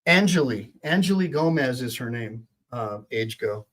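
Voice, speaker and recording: A man's voice: medium pitch, lively intonation, normal speed, a bit bright. A man hosting a livestream as an attorney, giving emphatic, indignant commentary and calling on his chat for reactions.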